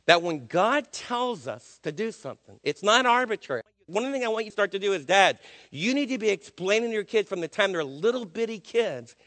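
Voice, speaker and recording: A man's voice: high voice, a bit bright, big-room sound. An older man preaching a sermon, emphatic and questioning his listeners.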